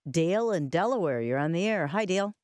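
A woman hosting a call-in radio show, taking callers in a brisk, friendly way. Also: on the low side, lively intonation, darkish tone, dry recording, clean studio sound. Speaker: radio host. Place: radio studio. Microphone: studio microphone.

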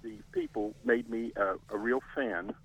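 A middle-aged man calls in to a radio talk show. He talks in a hesitant, halting way, restarting sentences and filling pauses with "uh". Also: medium pitch, husky, poor audio. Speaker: caller. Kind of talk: call-in radio chat.

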